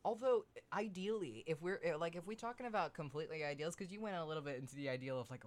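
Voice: mid-range voice, fast. A podcast co-host in casual chat, playful and imaginative, laughing often.

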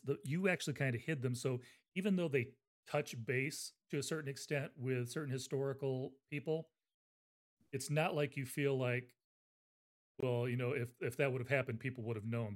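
A man's voice: medium pitch, normal speed. A man hosting a casual livestream book interview, chatty and rambling with fillers. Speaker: interview host.

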